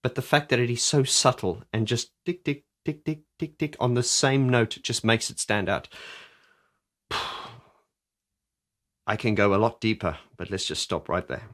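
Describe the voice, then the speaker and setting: Reviewing an album, a man explains its keyboard parts in a lowish, slightly bright voice at a moderate pace, with long pauses. He sounds casual and enthusiastic, rambling with many restarts and singing along.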